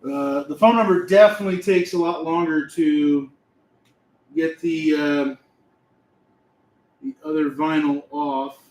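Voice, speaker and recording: A man hosting a casual livestream while he works, talking to himself in a relaxed, mumbling way. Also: a little high, unhurried, long pauses. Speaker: livestream host, dumpster rental owner. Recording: echoey room with faint noise.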